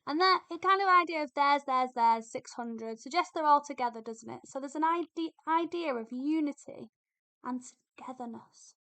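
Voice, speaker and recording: Woman teacher, higher voice with a bright edge, patient explanatory lesson delivery. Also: normal speed. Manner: explains patiently, thinking aloud with fillers and repetitions. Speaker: English literature teacher. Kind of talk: recorded poetry lesson.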